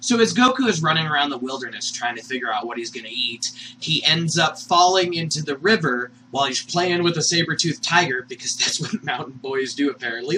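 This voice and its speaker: Brief: lively, bright-voiced man, casual jokey cartoon reviewer, pitch jumping around. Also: fairly quick, a little hiss or hum. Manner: animated, jokey, laughs at his own asides. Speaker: anime reviewer.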